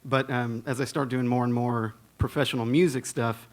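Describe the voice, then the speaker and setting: A man's voice: medium pitch, fairly even intonation, normal speed. A man from the audience asking a question at a workshop, hesitant and searching for words.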